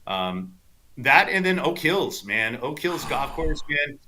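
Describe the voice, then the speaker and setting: A man's voice: a little high, big pitch swings, takes it slowly, sharp tone. A man from South Texas, a golf instructor guest on a podcast, telling rambling anecdotes full of fillers and quoting people animatedly. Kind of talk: casual storytelling chat.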